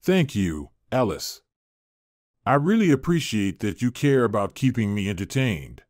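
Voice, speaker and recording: Guy reading as a soft hopeful old bedridden mom, a bit sly, dry close sound. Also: fairly low pitch, big pitch swings, measured pace, no room sound. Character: older bedridden mother, gentle and sly.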